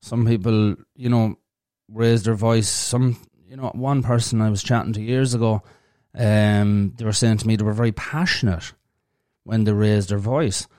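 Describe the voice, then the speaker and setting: A man's voice: fairly low pitch, steady tone, moderate pace, mellow, no echo, clean studio sound. A man hosting a podcast alone, speaking frankly and bluntly, swearing freely and thinking aloud as he goes. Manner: thinks aloud with fillers and restarts. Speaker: podcast host. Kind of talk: casual solo podcast talk.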